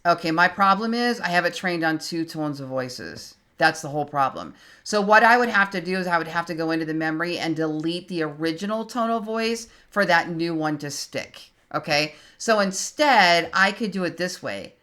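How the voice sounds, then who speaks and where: A woman in her fifties giving a screen-recorded tutorial, talking casually and thinking aloud as she types, reading her prompts out slowly. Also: lowish voice, lively intonation, bright, forceful tone. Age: 50s. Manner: chatty, thinks aloud while typing, reads prompts out slowly. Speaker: creator teaching online tools.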